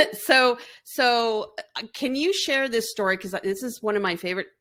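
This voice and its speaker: A woman's voice: fairly high pitch, lively intonation, normal speed. A woman hosting a podcast, chatting and affirming her guest. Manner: warm, affirming listener. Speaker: podcast host. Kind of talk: conversational interview.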